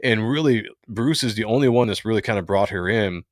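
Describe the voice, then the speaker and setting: A man hosts a comic book review in casual, crude banter. His voice sits low. The recording is close and dry. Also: fairly quick, no room sound. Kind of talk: casual chat while reading comics.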